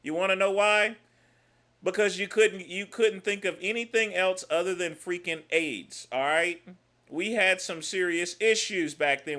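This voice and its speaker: Sharp bright-voiced man ranting. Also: high voice, unhurried. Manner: emphatic, mocking repetition, bursts of shouting. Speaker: livestream host. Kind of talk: live reaction commentary.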